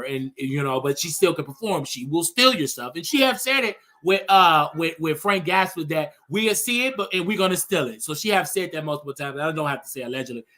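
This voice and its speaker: A man's voice: a little high, pushed and bright. A man in his thirties hosting a show, delivering a sassy, scolding rant in a dramatic manner. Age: 30s. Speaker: show host. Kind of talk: ranting commentary.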